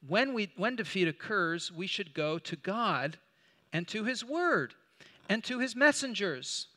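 A man's voice: sits high, very animated, measured pace, pushed and bright. A man teaching a Bible study in a conversational way, asking rhetorical questions and restarting as he looks up verses. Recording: long hall reverb.

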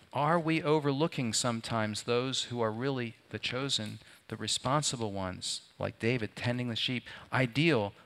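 A pastor delivers a sermon to his congregation, his voice bright and ringing. He keeps turning to his listeners with rhetorical questions, and his pitch sits in the middle range for a man. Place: before a live congregation.

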